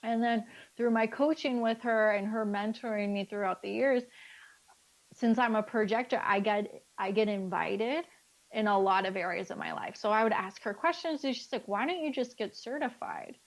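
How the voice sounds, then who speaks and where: A woman speaking as a life coach guest in a casual interview, lively and acting out the dialogue she quotes. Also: mid-range voice, normal speed.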